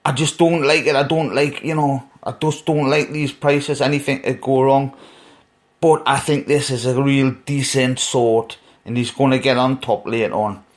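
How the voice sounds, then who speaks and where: A man's voice: mid-range voice, steady tone, moderate pace. Rambling Geordie man previewing horse races. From North East England. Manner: rambling, opinionated, frequent fillers and restarts. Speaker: racing tipster podcast host. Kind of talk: casual solo podcast, race preview.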